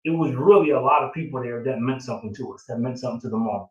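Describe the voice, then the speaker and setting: A middle-aged man speaks as a proud father, reminiscing in a loose, emotional way with lots of fillers. His voice sits in a middle pitch. It sounds roomy and a bit distant from the mic. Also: very fast, lo-fi sound. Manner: reflective, emotional storytelling with many fillers. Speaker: father of the groom. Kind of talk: casual chat.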